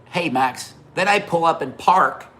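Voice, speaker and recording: Male streamer, forceful bright tone, loose profane storyteller who chats with his audience. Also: on the high side, unhurried. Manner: animated, swearing, laughing through anecdotes; talks to viewers by name between stories. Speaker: livestream host. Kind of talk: casual storytelling to a live chat.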